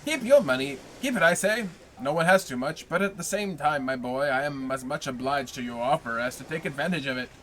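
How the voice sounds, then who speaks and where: A man's voice: mid-range voice, lively intonation, a little fast, few pauses, a bit bright, slight background noise, close to an everyday voice. A man reading aloud, voicing a grizzled, worldly male tailor neighbor who talks in a hearty, overly familiar way.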